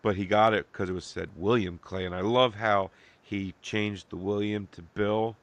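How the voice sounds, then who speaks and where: A man with a gravelly voice hosting a loose, profane podcast chat and firing off quick questions. His voice is recorded dry, with no room echo. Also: on the low side, steady tone. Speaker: podcast host. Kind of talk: casual chat.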